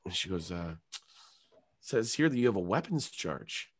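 A man's voice: low-pitched, normal speed, breathy edge. A man, a comedian, telling a long story in casual chat, swearing freely and acting out the other people's voices. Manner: animated, swears a lot, acts out other voices. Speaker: comedian guest.

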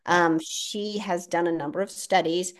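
A woman guest on a podcast who works in education policy, explaining her views in a measured way. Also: lowish voice, fairly even intonation. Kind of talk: casual podcast conversation.

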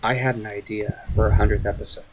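A man's voice: lowish voice, flat delivery, fast, crowd noise. A man co-hosting a comics podcast, joking around in casual chat. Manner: joking, slips into silly cartoon voices. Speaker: podcast co-host.

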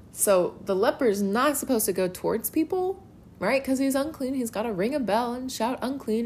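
A woman giving a casual Bible lesson. She talks in a conversational, emphatic way and leans on filler words. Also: mid-range voice. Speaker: Bible teacher.

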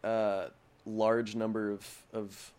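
A man's voice: on the low side, little pitch movement, takes it slowly, darkish tone, clear, resonant tone. A young man from Boston, a podcast guest, joking and teasing in casual chat.

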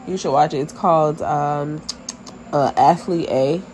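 A woman's voice: deep voice, measured pace, crowd noise, low-quality recording. Chatty woman telling stories with laughs. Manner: animated storyteller, laughs often. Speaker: podcast co-host. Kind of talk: casual chat.

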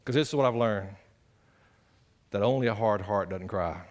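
A man preaching a sermon, animated and conversational, swinging between loud exclamations and hushed earnest passages. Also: fairly low pitch, moderate pace. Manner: conversational, addresses the congregation directly. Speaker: pastor.

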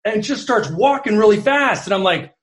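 A middle-aged guest sports columnist tells animated, rambling anecdotes in casual chat, restarting himself often. His voice is high-pitched and he speaks at a normal speed, with noticeable reverb.

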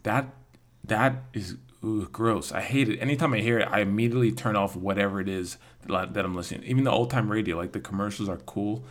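A man's voice: lowish voice, fast. A young man, a guest on a podcast, talking in an easygoing way with frequent stammered restarts. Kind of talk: casual podcast chat.

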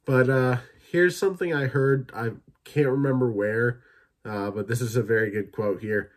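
A young man hosting a casual solo podcast, rambling and swearing as he retells movie scenes in quick impressions. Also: mid-range voice, fairly even intonation. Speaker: podcast host reviewing films.

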